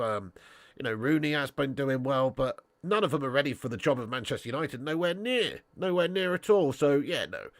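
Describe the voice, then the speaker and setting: A man hosts a football fan stream, bantering bluntly and swearing with viewers. His voice sits a little high and sounds stuffy. The recording is close and dry. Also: fairly bright tone, dry recording. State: stuffy nose. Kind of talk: casual live-stream chat reading viewer comments.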